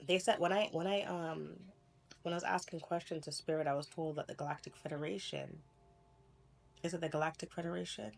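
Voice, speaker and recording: A young adult woman talking casually to camera, telling a personal story in a rambling, animated way, often laughing and correcting herself. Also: on the low side, a little fast, vocal fry. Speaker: spiritual vlogger.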